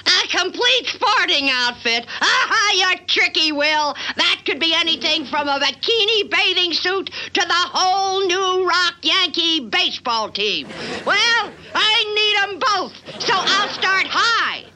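A woman's voice: very high voice, sing-song, a little slow, sharp tone, exaggerated voice. An actress voicing a rich, brash woman contestant on a cartoon game show, drawling her bids.

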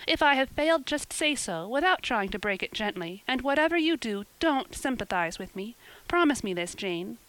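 A woman's voice: a little high, big pitch swings, normal speed, fairly bright tone, smooth, low-quality recording. A woman voicing an eager, dramatic teenage girl who talks in gushing, pleading bursts. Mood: anxious, pleading.

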